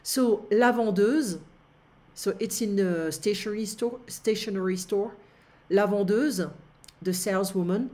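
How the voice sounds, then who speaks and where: A woman's voice: mid-range voice, a little slow, dark tone. Teacher lady, talks thru a textbook page, lots of uhs. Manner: explains step by step with many fillers. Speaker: French teacher. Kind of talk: online language lesson.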